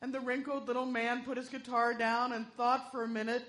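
A woman's voice: fairly high pitch, flat delivery, a little fast, few pauses, fairly bright tone. A woman leading part of a church service. She tells a story-style joke with an easy narrating rhythm and then moves into matter-of-fact offering announcements. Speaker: worship leader.

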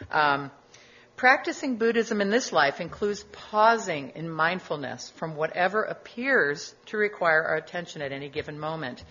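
A middle-aged woman giving a sermon as a guest speaker, gentle and reflective, with casual asides. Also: low voice, muffled recording.

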